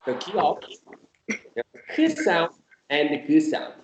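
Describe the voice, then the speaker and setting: A man teaches an online Korean class, slow and patient, repeating each example sound. His voice sits a little high and moves a lot. The sound is roomy, with faint noise behind it. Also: very animated. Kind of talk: online language lesson. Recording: echoey room with faint noise.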